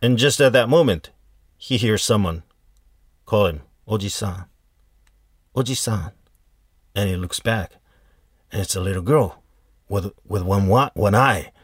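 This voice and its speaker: Slow, deep-voiced man telling a folk tale. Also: expressive, husky, dry recording, clean studio sound. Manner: unhurried, halting retelling with fillers and restarts. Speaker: storyteller. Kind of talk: casual folk tale storytelling.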